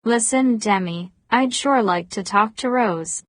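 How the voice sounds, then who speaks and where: A woman voicing a guarded, persistent man in his thirties in an audiobook, at a slow pace. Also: on the high side, no echo, studio quality, close to an everyday voice. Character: wary 37-year-old man, persistent and guarded.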